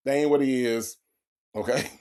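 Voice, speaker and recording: A man hosting a casual comedic commentary, animated and talking back to his chat. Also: medium pitch, moderate pace. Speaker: commentary host.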